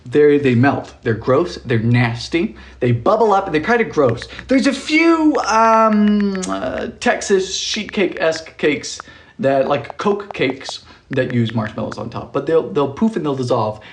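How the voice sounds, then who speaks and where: A young man hosting a chatty live cooking stream from his home kitchen, reading viewer comments aloud and thanking them in a playful, animated way. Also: fairly high pitch, measured pace, slight background noise. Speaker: cooking livestream host.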